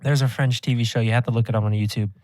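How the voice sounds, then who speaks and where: A man telling stories excitedly as a podcast co-host in casual chat. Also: medium pitch, racing, dry recording. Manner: excitable, animated storyteller.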